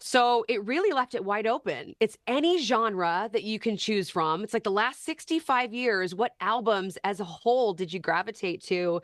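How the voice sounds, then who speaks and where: An upbeat woman speaks as a talk show guest, full of chatty enthusiasm as she explains her picks. Her voice sits at an ordinary middle pitch. The sound is close and dry, with no room echo. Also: expressive, normal speed, few pauses. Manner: enthusiastic, conversational. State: slightly parched. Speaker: radio host, guest.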